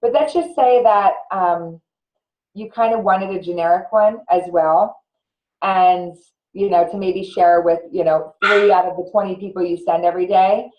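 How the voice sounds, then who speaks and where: A woman's voice: on the low side, moderate pace. An earnest woman explains her tips step by step as a guest on a casual video chat. Her audio comes through slightly dull and muffled, and the room sounds echoey.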